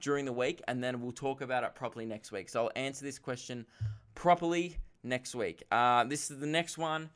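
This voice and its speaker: A young Australian man hosts a casual comedy podcast and rambles through listener questions. He mocks himself and throws in quick asides. His voice sounds smooth and clear. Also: mid-range voice, steady tone, a bit bright. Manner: rambling, self-mocking, quick asides and laughs.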